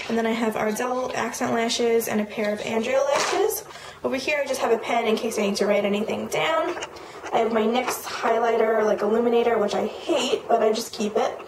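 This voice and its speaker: A young woman in college, casually walking through her makeup collection and listing products in a chatty way with the occasional filler. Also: on the high side. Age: young adult. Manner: chatty, lists items quickly with fillers. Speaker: beauty vlogger. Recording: echoey room with noticeable noise.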